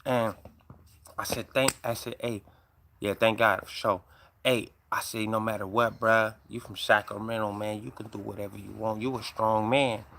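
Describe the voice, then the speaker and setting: A man's voice: on the low side, steady tone, normal speed, creaky, a bit bright. A man hosting a live stream, telling a personal story in casual street slang and tagging his lines with "right?". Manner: street slang, calls listeners "bruh" and "dog".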